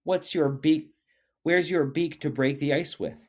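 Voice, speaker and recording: A man's voice: mid-range voice, wildly swooping pitch, unhurried. A man voicing a mocking male duck in a storybook reading, jeering and taunting.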